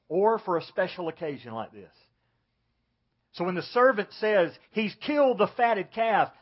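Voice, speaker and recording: Preacher guy, kinda husky voice, higher pitched, dull lo-fi recording, acts out the story bits. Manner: dramatic, acts out the characters' lines. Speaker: pastor. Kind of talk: sermon.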